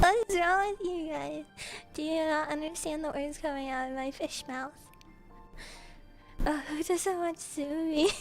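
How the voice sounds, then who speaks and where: A woman streamer answering viewer questions in casual chat, playful and giggly, laughing often between her jokes. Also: sits high. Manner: joking, self-mocking princess bits.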